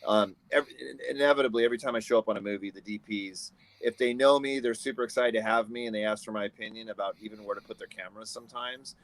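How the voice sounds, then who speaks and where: Animated man telling set stories. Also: fairly low pitch, fast talker, hardly any pauses, no echo. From United States. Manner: animated storyteller, acts out quoted people. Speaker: guest photographer. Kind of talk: casual interview.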